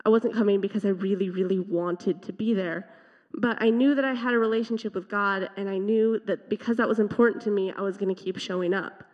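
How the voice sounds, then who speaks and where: A woman's voice: mid-range voice, steady tone, a little fast. A teenage girl giving an earnest, reflective personal testimony at a church service. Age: teens. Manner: earnest, reflective storytelling with small laughs. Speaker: teen speaker at youth worship service. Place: church sanctuary. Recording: dull sound with long hall reverb.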